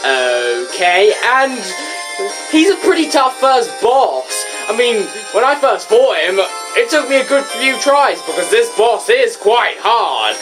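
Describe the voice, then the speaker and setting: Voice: medium pitch, big pitch swings, takes it slowly. A game reviewer giving casual, goofy, rambling commentary with self-mocking asides. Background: game music.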